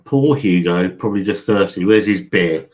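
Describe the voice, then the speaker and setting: Streaming casually from home by an open window, this channel host has a deep, slightly mellow voice and a moderate pace. He rambles along, drops casual swears, and reads out the chat.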